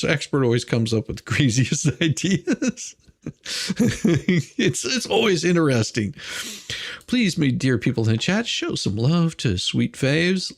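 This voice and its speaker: A man's voice: medium pitch, creaky. A man hosting a livestream, riffing in a rambling, mocking way, laughing and repeating himself. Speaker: livestream host reacting to court drama. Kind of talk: casual commentary.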